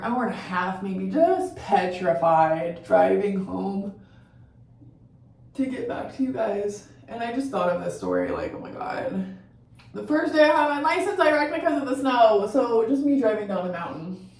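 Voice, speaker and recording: A woman's voice: on the high side, darkish tone. Woman, from Colorado, vlogger, casual storytelling while doing makeup, swears a lot, far from the mic. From Colorado, USA. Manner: chatty and profane, often tags sentences with "right?". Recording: very echoey room, voice from far off.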